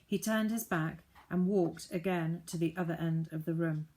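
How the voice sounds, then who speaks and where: A woman narrating a children's novel in a measured, deliberate storybook manner. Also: lowish voice, dark tone. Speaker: audiobook narrator.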